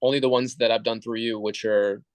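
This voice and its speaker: A man's voice: lowish voice, fairly even intonation, a little fast, clean tone, no room sound. Hesitant man on a video call. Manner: hesitant, stammering restarts. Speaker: group member being coached. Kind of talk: casual conversation on a video call.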